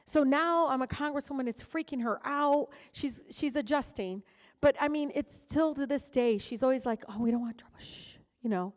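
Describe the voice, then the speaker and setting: A woman's voice: high voice, moderate pace. A middle-aged woman from Detroit giving a keynote speech, telling personal stories in a candid, conversational way with frequent fillers and asides. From Detroit, USA. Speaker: keynote speaker. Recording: long reverb of a large hall.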